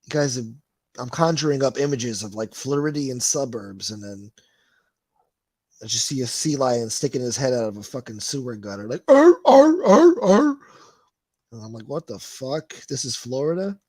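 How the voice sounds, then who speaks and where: A man's voice: mid-range voice, moderate pace, dry recording. A man hosting a livestream, reading viewer comments and chatting in a rambling, profane way. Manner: rambling, swears a lot, laughs. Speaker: livestream host reading chat. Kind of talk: casual profane chat.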